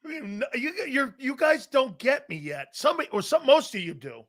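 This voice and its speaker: A middle-aged man hosting a live sports talk show, reading chat messages aloud, laughing often and arguing back loudly. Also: very high-pitched, normal speed. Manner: loud, excitable, laughs often, argues with chat.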